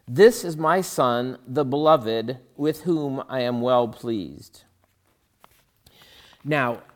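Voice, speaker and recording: Slow, conversational male preacher. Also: a little high, fairly bright tone. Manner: conversational, thinking aloud with fillers and asides. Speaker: pastor. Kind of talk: sermon.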